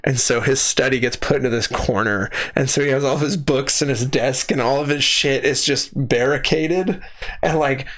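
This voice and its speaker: A young man co-hosting a podcast in casual chat, an animated storyteller who laughs often and mimics the people he describes. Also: medium pitch, normal speed. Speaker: podcast co-host.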